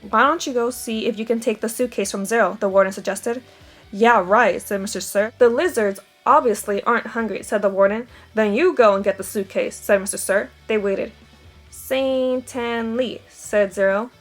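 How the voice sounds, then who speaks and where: A woman's voice: medium pitch, brisk, few pauses, faint music behind. A woman reading a novel aloud, giving the dialogue light character voices. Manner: steady storytelling with quoted dialogue. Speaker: audiobook reader.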